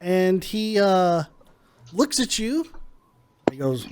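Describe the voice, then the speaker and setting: A man's voice: high-pitched, sing-song, background noise. A man narrating a tabletop game as game master, describing scenes and voicing the barkeep. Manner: unhurried, voices the barkeep in quick asides.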